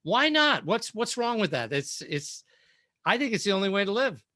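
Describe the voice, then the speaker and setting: A man speaking as a guest and keynote speaker in a casual roundtable, telling lively stories. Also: sits high, normal speed, no room sound. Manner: lively anecdotal storytelling.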